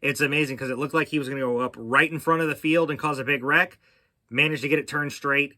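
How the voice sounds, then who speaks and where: A man's voice: mid-range voice, fairly even intonation, quick pace, sharp tone, no room sound, clean studio sound. A man hosting a casual racing podcast, talking in a rambling way with many fillers and restarts. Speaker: podcast host.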